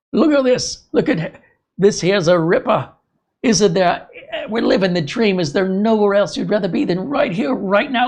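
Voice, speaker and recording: A man's voice: high-pitched, gravelly, darkish tone, pitched above the performer's own voice, exaggerated voice. A man voicing an overjoyed Australian drain cleaner, with a put-on Australian accent and gushing, wide-eyed enthusiasm.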